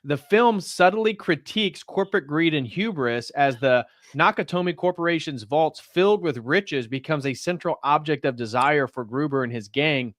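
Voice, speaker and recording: A man's voice: fairly high pitch, expressive, normal speed, few pauses, a bit bright, no room sound, studio quality. A man hosting a video stream, reading out facts from notes and chatting casually. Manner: reads facts from notes, then chats. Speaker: host.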